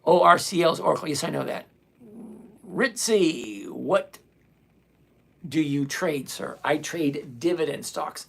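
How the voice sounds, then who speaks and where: A man's voice: a little high, vocal fry, slightly rough. Blunt older man reading chat aloud. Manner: blunt, dismissive, reads chat questions aloud. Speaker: livestream host answering chat. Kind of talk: casual live-stream chat.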